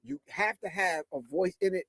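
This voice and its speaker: A man with a raspy voice talking casually and bluntly to a live audience about a beat in his studio, cursing and checking that they follow. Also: high voice, normal speed, a bit bright, no room sound. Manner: blunt, profane, emphatic, keeps asking if you follow. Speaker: hip hop artist and producer.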